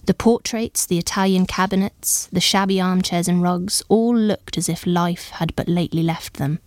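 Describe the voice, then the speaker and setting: This woman reads a story aloud as an audiobook narrator, steady and even in her storytelling. Her voice is lowish, and the clean studio recording has no echo.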